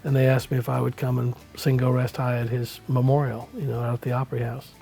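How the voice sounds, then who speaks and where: A middle-aged man, a musician guest, telling a rambling story in a relaxed way, with many fillers and acted-out quotes. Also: medium pitch, quick pace, vocal fry. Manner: acts out quoted lines in the story. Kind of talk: casual anecdotal storytelling.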